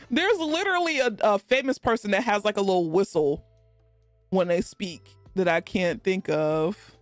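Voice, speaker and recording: A woman's voice: medium pitch, dry recording. A woman with a Texan accent and a slight lisp, chatting casually on a live stream and laughing often as she answers her chat.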